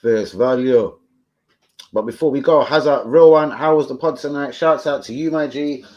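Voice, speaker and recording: A man's voice: on the high side, brisk, darkish tone, muffled recording. A man hosting a fan live stream, chatting casually, swearing freely and answering viewers off the cuff. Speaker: fan channel host.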